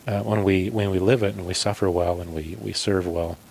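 A man's voice: low-pitched, steady tone, brisk, vocal fry, darkish tone, a little hiss or hum, poor audio. A man, the host, responding thoughtfully and affirmingly in a faith conversation, often restarting his phrases.

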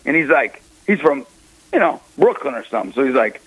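A man speaking as a Catholic ministry guest on a radio talk show, energetic and preachy, acting out the people he quotes. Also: mid-range voice, a little fast, low-quality recording. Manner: energetic, preachy, laughs often, acts out quotes. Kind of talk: lively radio interview talk. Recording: radio broadcast.

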